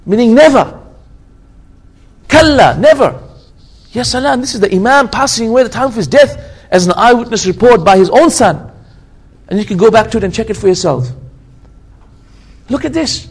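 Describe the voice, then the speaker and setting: A man with a notably high voice preaches an earnest religious lecture. He drives his points home through repetition and oaths, and he slips Arabic religious phrases into his English. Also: expressive, a little fast, pauses often, slightly rough. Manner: emphatic, repeats phrases, swears by God for stress. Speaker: Islamic lecturer.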